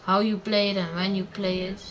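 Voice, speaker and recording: A woman's voice: medium pitch, little pitch movement, normal speed, a bit bright, poor audio. A teenage girl rambling through casual gameplay commentary and tips, with lots of fillers and self-corrections. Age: teen, under eighteen. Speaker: gamer giving tips.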